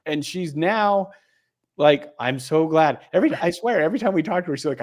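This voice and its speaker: A man's voice: a little high, expressive, brisk. Upbeat man co-hosting a live stream. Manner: rambling, frequent restarts, upbeat. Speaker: co-host, YouTube coach.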